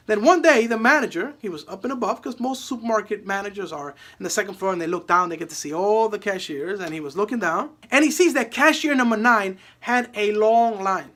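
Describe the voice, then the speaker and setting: A man's voice: sits high, a little fast, few pauses, fairly bright tone. A man telling a motivational story to an audience, emphatic and fond of repeating his key phrases. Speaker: motivational speaker.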